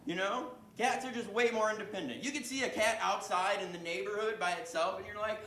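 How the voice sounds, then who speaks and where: A man's voice: high-pitched, a little fast, pushed and bright. A man doing a stand-up comedy set on a club stage, self-deprecating and chatting with the crowd. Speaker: stand-up comic. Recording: echoey club room with faint background ambience.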